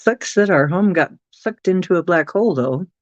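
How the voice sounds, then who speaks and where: A livestream host chatting casually and at length, reading viewers' messages aloud and cooing softly at pets. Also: medium pitch, animated, normal speed, dry recording, highs cut off. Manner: rambling, chatty, reads chat aloud.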